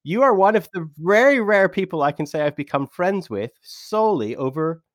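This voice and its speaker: A British man hosting a podcast interview, chatty and animated, laughing easily as he introduces his guest. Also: sits high, normal speed, dry recording, studio quality. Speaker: podcast host.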